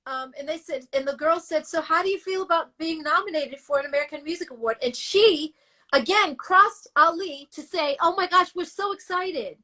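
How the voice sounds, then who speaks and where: A woman's voice: very high voice, normal speed. A woman guest in an interview, telling her story bluntly and with feeling, sometimes cursing. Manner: animated, emotional, blunt and cursing. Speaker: guest singer.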